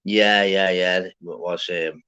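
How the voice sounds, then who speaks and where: A man's voice: deep voice, steady tone, slow, pushed and bright, smooth. A man hosting an open-panel live stream, chatting casually with slangy, swearing banter. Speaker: livestream host. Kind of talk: casual chat. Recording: dull lo-fi stream audio.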